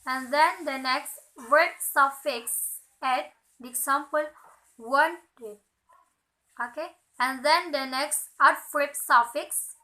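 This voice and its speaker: A young woman, a student with Indonesian as her first language, slowly reading out a lesson on word stress, dotted with "okay" and "uh". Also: sits high, pushed and bright, poor audio. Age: young adult. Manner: slow, careful, filler "okay" and "uh". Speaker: student presenter.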